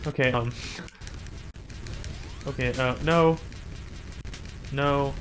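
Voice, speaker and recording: A man hosting a gaming channel, chatting casually and rambling through gameplay commentary with sudden excited exclamations. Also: medium pitch, normal speed.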